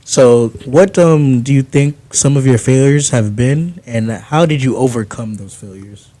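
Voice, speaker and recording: A man's voice: mid-range voice, a little slow, dark tone. A man hosting a casual podcast interview, asking questions and chiming in with short agreements. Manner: affirming, chimes in with short agreements. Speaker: podcast host.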